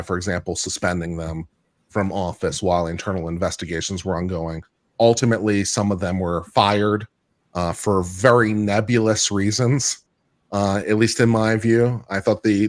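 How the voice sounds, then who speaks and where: A man with a fairly low voice walks through a legal case in a casual, thinking-aloud way. He often pauses on fillers and restarts his sentences. His voice sounds dry and close, with no room echo. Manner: thoughtful, with frequent fillers and restarts. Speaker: legal commentator and panel guest. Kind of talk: casual legal analysis on a livestream panel.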